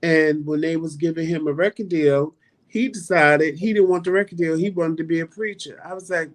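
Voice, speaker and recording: A man co-hosting a casual chat and telling a story with animated, dramatic flair and playful asides. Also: fairly high pitch, fairly quick. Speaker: co-host.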